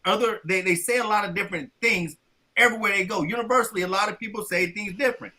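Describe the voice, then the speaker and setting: A man's voice: high-pitched, quick pace, bright, forceful tone. A man co-hosting a podcast in casual chat, arguing emphatically and stammering as he restarts his points. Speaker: podcast co-host.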